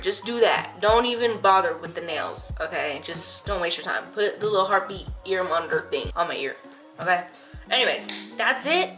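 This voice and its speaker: Bright-voiced chatty young woman vlogger. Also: medium pitch. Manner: chatty, laughs often, candid. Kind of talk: casual chat to camera.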